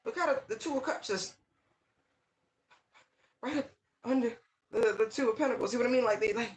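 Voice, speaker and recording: A tarot reader giving a casual channeled reading, talking straight to the viewer with lively exclamations, repeated words and frequent "right?" checks. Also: medium pitch, a little fast, rough recording. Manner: talks straight to the viewer, often asking "right?".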